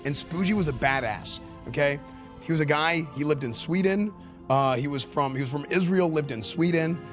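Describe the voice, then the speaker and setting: Male live streamer, slightly high voice, loose and rambling commentary delivery, faint background music. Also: normal speed. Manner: excitable, rambling, filler-heavy with repeated words. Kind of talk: live-stream commentary reacting to game questions.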